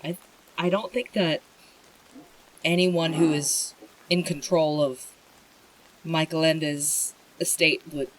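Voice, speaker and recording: A streamer reading a bedtime story aloud and chatting with viewers, in a gentle, emotional way. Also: mid-range voice, steady tone, slow, pauses often, poor audio.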